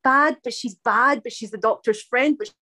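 A woman's voice: fairly high pitch, moderate pace, bright, forceful tone. A woman voice actress chatting in an interview, rambling and laughing often, poking fun at herself. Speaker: voice actress guest. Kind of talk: casual interview chat.

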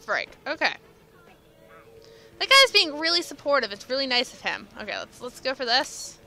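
Bright, lively young woman gaming. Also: high voice, normal speed.

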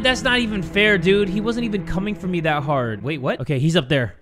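A young man hosting a gaming channel, giving jokey, excitable horror gameplay commentary, swearing and yelling when startled. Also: high voice, moderate pace.

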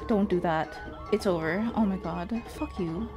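A woman VTuber streaming a game, reacting in excitable, panicky bursts with repeated shouts and frequent swearing. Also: medium pitch, moderate pace, soft background music. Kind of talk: casual live gameplay commentary.

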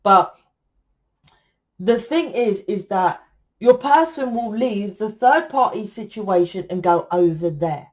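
A woman's voice: medium pitch, lively intonation, slow, darkish tone. A British woman tarot reader talking to camera in a blunt, ranting, freely swearing monologue.

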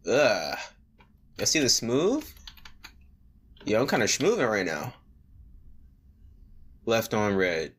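A man's voice: fairly low pitch, huge pitch swings, slow pace, long pauses, a bit bright, breathy edge. A young man giving joking, slangy commentary while playing a text-message game, reading the messages aloud and breaking into mock singing. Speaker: gaming video creator. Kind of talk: casual gameplay commentary.

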